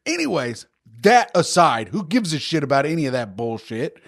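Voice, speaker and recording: This New York comedy podcast co-host has a slightly high voice and a moderate pace. He's an animated storyteller, telling a story in relaxed conversation and acting out the quotes of what people said.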